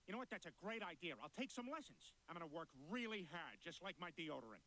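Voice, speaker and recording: Goofy bumbling cartoon dad, high and bright. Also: male voice, very animated, quick pace. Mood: sheepish. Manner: goofy, rambling, self-pitying. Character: bumbling, dim-witted middle-aged cartoon dad.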